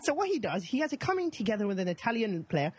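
Fast-talking man in teasing banter. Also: high-pitched, big pitch swings, darkish tone, a little hiss or hum. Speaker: podcast co-host. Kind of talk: casual comedic podcast chat.

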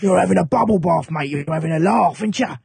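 A cheeky Cockney parrot full of street slang and banter, as a man puts him on. The voice is a bit high with a husky edge. It is recorded dry and close. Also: fast talker, a little mellow, no echo, exaggerated voice. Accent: put-on Cockney. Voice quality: chirpy, slangy.

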